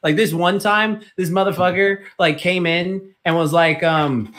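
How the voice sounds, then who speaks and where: A man's voice: sits high, fairly even intonation, measured pace, fairly bright tone. Young man ranting with heavy swearing. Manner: profane, ranting. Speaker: podcast co-host. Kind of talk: casual chat.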